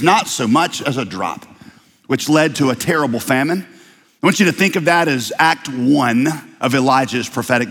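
A man preaching a sermon, telling a story with lively, playful asides. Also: a little high, breathy edge, big-room sound. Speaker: pastor.

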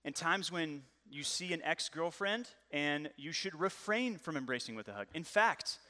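Bright-voiced man preaching a lively sermon. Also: on the high side, moderate pace. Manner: lively, joking and conversational. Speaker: pastor. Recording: long hall reverb.

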